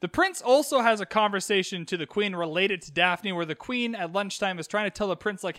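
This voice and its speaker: His voice sits high with a sharp tone, and the studio-quality recording carries no room sound. He's a young man from Canada recapping a show on his solo podcast, chatty and cheeky with rapid quoted asides.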